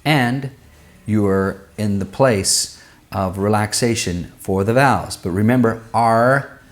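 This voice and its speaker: A man working as a vocal coach, answering viewers' singing questions and demonstrating vowels and pitches with his own voice. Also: a little slow. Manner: explanatory, uses everyday comparisons.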